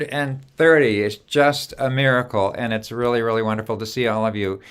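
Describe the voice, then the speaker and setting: A man's voice: medium pitch, a little fast, hardly any pauses, clean tone. A man hosting a live online song stream, chatting casually and greeting viewers by name with frequent hesitations over a video call. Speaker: host.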